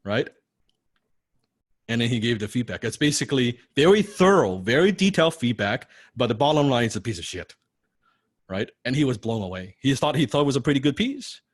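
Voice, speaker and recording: A man's voice: mid-range voice, big pitch swings, fast talker, dry recording. Straight-talking guy teaching an online class, swears a lot, says "right?" constantly, dry sound. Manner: blunt, profane, keeps asking "right?"; repeats key lines for emphasis. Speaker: copywriting coach. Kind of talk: live online coaching class.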